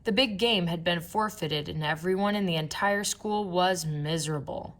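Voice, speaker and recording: A woman narrating a children's book in a playful, expressive storytelling manner. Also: lowish voice, moderate pace, few pauses. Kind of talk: children's audiobook reading.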